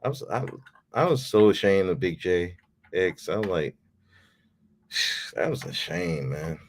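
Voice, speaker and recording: A man's voice: low voice, animated, slow. A man hosting a podcast, ranting in a casual, heated way, swearing freely and repeating himself. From United States. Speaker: podcast host.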